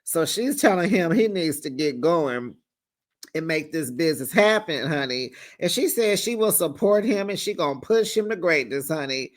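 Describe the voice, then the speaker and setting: A man with a slightly high voice recaps a reality show in a loose, gossipy way. He is sassy, talks straight to his viewers with pet names, and laughs as he goes. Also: expressive, normal speed. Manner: laughs often while telling the story. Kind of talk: casual gossipy recap commentary.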